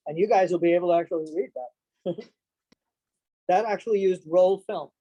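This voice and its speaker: A man's voice: high-pitched, normal speed, warm tone, distant mic, rough recording. A man giving a playful, jokey show-and-tell presentation on old inventions to an audience. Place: senior center room.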